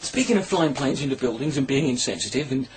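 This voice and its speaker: A man's voice: mid-range voice, animated, quick pace, slight background noise. A man rambling through a crude, sarcastic comedy monologue, filming himself at home on his camera. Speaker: comedy vlogger. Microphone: camera mic.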